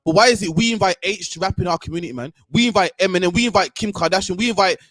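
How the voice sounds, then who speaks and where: A man hosting a heated commentary, ranting in an animated way and ending his sentences with "man". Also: high-pitched, racing, dry recording. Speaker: host.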